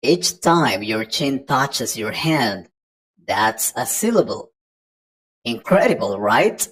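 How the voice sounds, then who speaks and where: A woman's voice: very deep voice, very animated, takes it slowly, breathy edge, low-quality recording. A woman giving an online English pronunciation lesson, patiently explaining step by step to the learner. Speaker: English teacher.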